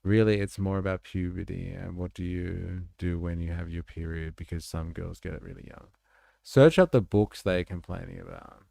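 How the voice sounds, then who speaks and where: Gravelly low-voiced man streaming. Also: fairly even intonation, moderate pace, dry recording, clean studio sound. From Australia. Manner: swearing, laughing, reacting loudly. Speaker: live-stream host. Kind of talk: casual commentary on clips.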